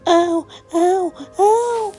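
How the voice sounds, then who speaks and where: A woman's voice: extremely high pitch, drawn-out words, mellow, voice pushed up, full character voice. A woman voicing a tearful little girl with a broken arm, wailing and whining in a home-made storytelling. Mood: crying in pain.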